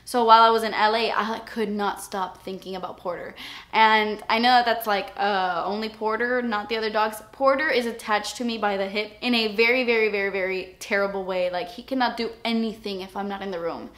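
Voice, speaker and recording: A woman's voice: medium pitch, steady tone, fairly quick, a bit bright. A young woman vlogger talking candidly and emotionally to camera in a casual confessional chat. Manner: emotional, candid, near tears at times. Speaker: beauty vlogger.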